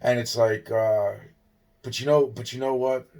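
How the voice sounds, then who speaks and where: A man's voice: medium pitch, flat delivery, a little slow, darkish tone. A man, from Long Island, rambling through an agitated, profane personal monologue and often restarting his sentences. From Long Island, New York. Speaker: vlogger.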